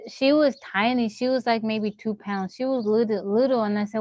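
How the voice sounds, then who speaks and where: A young woman live-streaming from her phone, telling animated stories to her chat and laughing often. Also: on the high side, normal speed, no room sound, dull audio. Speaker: livestreamer.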